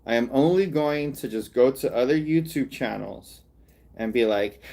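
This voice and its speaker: A man's voice: medium pitch, normal speed, creaky, dark tone. A male artist and comedian in casual livestream chat, rambling and mocking, with frequent laughs.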